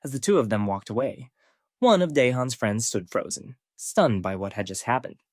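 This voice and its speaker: A man narrates a scripted story recap, telling it steadily. His pitch is lively and moves a lot. The recording is dry and close, with no room sound. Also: normal speed, dry recording.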